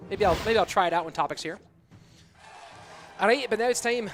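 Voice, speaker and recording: On a live esports stream, a young man delivers spirited play-by-play and chats with viewers, his high voice moving a little fast with long pauses. Soft background music plays throughout.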